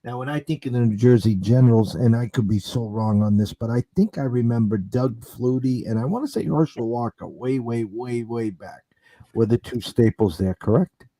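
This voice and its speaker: Mellow-voiced man hosting a betting show. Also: medium pitch, normal speed. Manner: wry, dry sarcasm. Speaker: sports betting show host. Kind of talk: casual sports betting chat.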